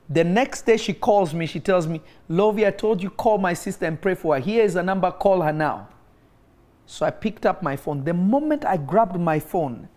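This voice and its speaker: A man's voice: high voice, darkish tone. A man preaching a sermon to an online audience. He tells a healing story and exhorts his listeners with emphatic, repeated phrases, at times breaking into praying in tongues.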